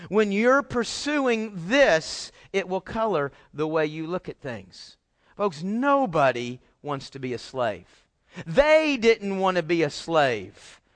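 A man's voice: high-pitched, sing-song, takes it slowly, no room sound. A middle-aged man preaching a sermon as a pastor, emphatic and full of rhetorical questions to the congregation.

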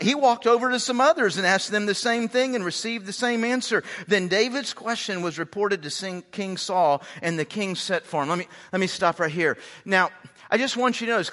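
A pastor preaching with a high, bright, forceful voice that rings out through a church hall's long reverb. He leans hard on his points and slows down to stress them, often stumbling and repeating words as he goes. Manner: frequent word repeats and restarts. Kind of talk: sermon. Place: church sanctuary.

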